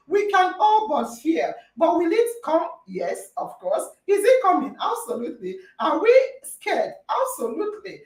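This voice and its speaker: Female podcast host, very high and lively voice, insistent and argumentative, distant mic with a roomy echo. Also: a little slow, few pauses. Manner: emphatic, argumentative, repeats phrases for stress. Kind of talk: heated debate moderation. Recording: echoey room, distant mic.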